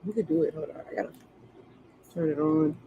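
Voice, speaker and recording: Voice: mid-range voice, a little fast, phone-quality sound, a little hiss or hum. A tarot reader in casual live-stream chat, joking and chatty with plenty of slang.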